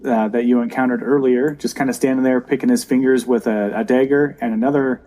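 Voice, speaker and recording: A man narrating a tabletop game as dungeon master, pausing often with ums and uhs. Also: mid-range voice, fairly even intonation, dark tone. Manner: hesitant, many ums and uhs.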